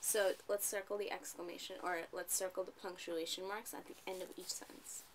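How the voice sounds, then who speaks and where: A woman tutoring a child one-on-one, patient and coaxing, often checking in with a quick "right?". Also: on the low side, level tone, noisy background. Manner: patient, coaxing, ends points with tag questions.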